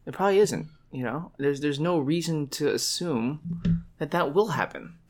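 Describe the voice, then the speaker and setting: A man's voice: fairly high pitch, lively intonation, moderate pace. A man casually talking over a TV show as a podcast co-host, hesitant, with many "uh"s and tag questions. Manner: hesitant, lots of uh and right?. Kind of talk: casual TV recap chat.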